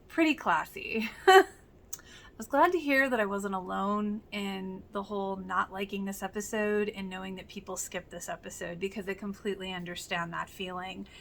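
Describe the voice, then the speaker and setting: A woman's voice: mid-range voice, gravelly, a bit bright. A woman giving casual reaction commentary, earnest and emotional, with many fillers. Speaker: reaction video host.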